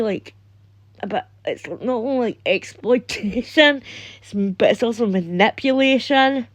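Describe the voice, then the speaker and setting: A woman's voice: medium pitch, gravelly, dry recording. A young adult woman with a Scottish accent giving casual reaction commentary, rambling with restarts and laughs. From Scotland. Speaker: reaction video host.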